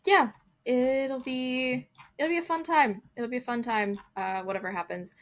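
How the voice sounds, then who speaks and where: Animated young woman co-hosting a podcast. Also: sits high, measured pace. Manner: animated, joking, ranting, laughs often. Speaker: podcast co-host. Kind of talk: casual sports chat.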